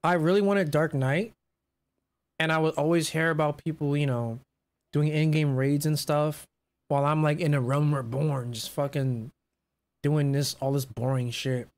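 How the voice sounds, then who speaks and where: A man co-hosting a podcast, chatting casually and telling animated, profanity-laced stories. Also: fairly high pitch, moderate pace. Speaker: podcast co-host. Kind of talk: casual chat.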